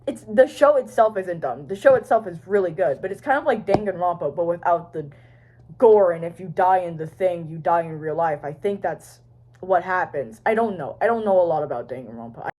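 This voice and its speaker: A woman's voice: lowish voice, lively intonation, fairly quick, warm tone, slight background noise. A woman vlogger talking to her phone camera in a rambling, casual way, swearing and trailing off. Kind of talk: rambling casual fan chat.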